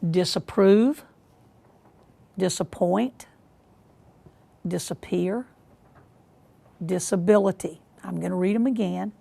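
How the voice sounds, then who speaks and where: A woman hosting a school quiz show, reading questions in a measured way and repeating them deliberately. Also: lowish voice, creaky, mellow.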